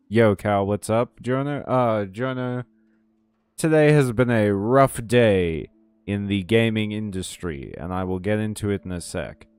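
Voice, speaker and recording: Brief: ranty, rambling male game streamer, low smooth voice, dry close mic. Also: unhurried, darkish tone, dry recording. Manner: rambling, ranty, laughs often. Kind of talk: casual game stream chat.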